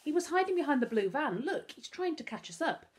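A woman's voice: high voice, big pitch swings, a little fast, pitched above the performer's own voice. A woman voicing a bossy, sensible girl who gives commanding orders. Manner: commanding, reasoning.

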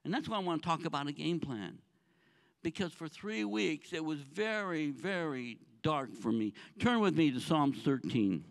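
High-voiced pastor preaching with earnest swings. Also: male voice, animated, normal speed, creaky. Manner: earnest, with rhetorical questions to the congregation; swings between soft low phrases and raised, pressing ones. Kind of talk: sermon.

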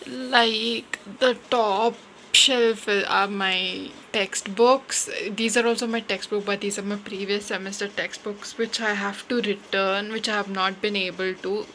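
A young woman talks slowly and loosely, with plenty of "like" and "you know" and a self-mocking streak. Her voice is bright and clear, and a faint hiss of room noise sits underneath it. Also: medium pitch, fairly even intonation, poor audio. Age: young adult. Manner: rambling, filler-heavy, self-mocking. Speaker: vlogger. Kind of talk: casual vlog voice-over chat.

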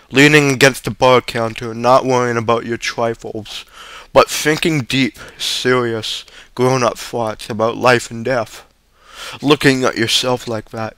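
A man reading a short story aloud, steady but stumbling now and then. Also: medium pitch, clear, resonant tone, no room sound. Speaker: reader.

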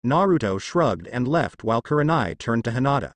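A man reads a fan fiction story aloud in a plain, steady way, his pitch rising and falling with life. The recording sits close to the mic and is dry, with no room sound. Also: brisk, hardly any pauses, dry recording. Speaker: narrator.

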